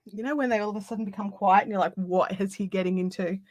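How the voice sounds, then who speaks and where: A woman's voice: medium pitch, steady tone, fast talker, a little mellow, no room sound. An Australian woman hosting a casual live craft chat, chatty and easily amused, a little out of breath. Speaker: craft livestream host.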